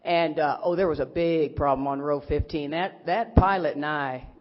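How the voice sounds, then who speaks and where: A woman's voice: low voice, moderate pace. A middle-aged woman from Texas, a speaker at a recovery convention, telling a humorous, rambling personal story and acting out what others said. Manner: animated, rambling, acts out quotes of others. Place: large convention hall. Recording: echoey hall, dull lo-fi sound.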